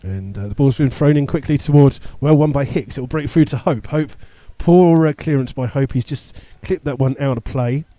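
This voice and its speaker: A man's voice: mid-range voice, moderate pace, few pauses, warm tone, dry recording. A man giving live radio commentary on a football match, rattling off play-by-play with the odd filler and chuckle. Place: stadium commentary position.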